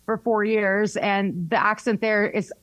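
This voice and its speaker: A woman's voice: mid-range voice, fairly even intonation, measured pace, fairly bright tone, no room sound. A young woman with a Southern US accent, a radio personality chatting casually in an interview, full of fillers. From North Carolina, US. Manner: chatty, frequent "like" fillers, laughs often.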